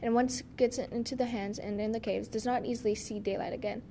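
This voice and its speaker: A woman voicing a calm, earnest male bear in a storybook reading. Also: on the high side, brisk, a little hiss or hum, natural voice. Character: gentle male bear, enchanted guardian.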